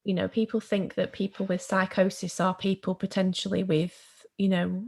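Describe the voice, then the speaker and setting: Woman podcast host, mid-range voice with some fry, thoughtful and a bit hesitant. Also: mid-range voice, monotone, moderate pace, a little mellow. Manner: thoughtful, hesitant, many fillers. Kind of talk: podcast conversation.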